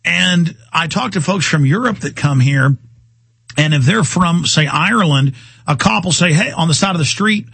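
A man hosting a talk radio show, ranting in a rambling, heated way. His voice sits a little high and has a husky edge. The sound is close and dry, with no room around it. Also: lively intonation, normal speed, a bit bright, no echo.

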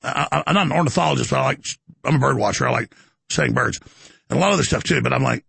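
A man's voice: medium pitch, rapid-fire, gravelly, a bit bright, husky, dry recording. A male talk show host ranting sarcastically, with mocking asides and stammered restarts. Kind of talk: ranting talk radio monologue.

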